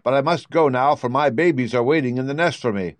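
A man voicing a kind, motherly female stork in a storybook reading, speaking slowly and carefully in a raised voice. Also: medium pitch, no echo, pitched above the performer's own voice, close to an everyday voice.

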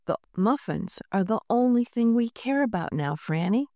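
A woman's voice: a little high, expressive, moderate pace, mellow, no room sound, clean studio sound, voice pushed up. A woman voicing a dazed, listless schoolgirl who talks weakly in a storybook reading. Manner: weak and listless. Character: dazed, muffin-obsessed schoolgirl.

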